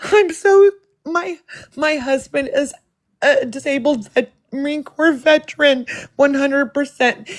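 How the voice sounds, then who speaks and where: A woman's voice: high-pitched, steady tone, unhurried. A woman on a live stream, panicked and pleading, shaken and close to tears.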